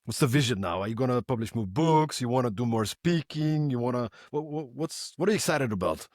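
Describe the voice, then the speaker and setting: A man hosting a podcast, asking questions in a casual, halting way and often repeating words as he starts. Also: mid-range voice, lively intonation, a little mellow, no room sound, studio quality. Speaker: podcast host.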